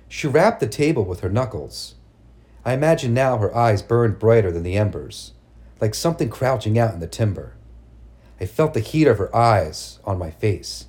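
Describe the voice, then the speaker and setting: A man reading a first-person story aloud as narrator, in a measured, hushed storytelling manner. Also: on the low side, big pitch swings. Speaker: audiobook narrator.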